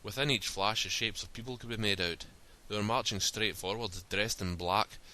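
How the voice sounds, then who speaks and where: A man narrating a story in a steady, plain reading style. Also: lowish voice, moderate pace.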